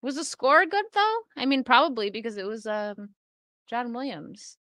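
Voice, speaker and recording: A woman's voice: high voice, very animated, normal speed, pushed and bright, dry recording, studio quality. A woman chatting casually on her livestream, reacting to chat and laughing often into a desk microphone. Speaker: streamer chatting with live chat.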